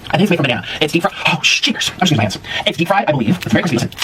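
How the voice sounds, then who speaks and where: A man vlogging as he tastes food, chatting casually in an animated, dramatic, jokey way. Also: on the high side, racing. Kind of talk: casual food tasting chat. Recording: distant mic with clear background noise.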